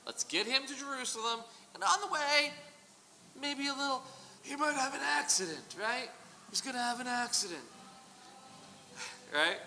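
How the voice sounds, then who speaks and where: Menacing mafia boss, impression by a male teacher: strained, high, ringing in a hall. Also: animated, moderate pace, long pauses, bright, forceful tone, heavily acted. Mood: scheming. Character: menacing mafia boss, older man, scheming. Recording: reverberant hall, faint noise.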